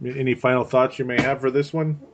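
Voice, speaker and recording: A man co-hosting a casual sports podcast, chatty and quick to laugh, often repeating a word for effect. His voice sits mid-range, and the audio is dull and lo-fi. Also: mid-range voice, steady tone, background noise. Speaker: podcast co-host.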